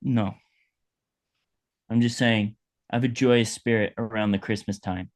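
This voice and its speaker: A man's voice: lowish voice, steady tone, unhurried, natural voice. A man playing a self-pitying dead hot dog vendor who rambles melodramatically in an improvised comedy bit. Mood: melodramatic. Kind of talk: improvised comedy role-play.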